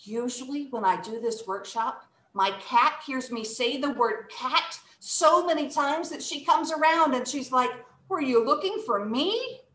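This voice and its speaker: A woman's voice: sits high, measured pace, few pauses, fairly bright tone, roomy sound. A woman teaching an English workshop, speaking expressively and acting out emotions and word stress. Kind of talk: online English lesson for children.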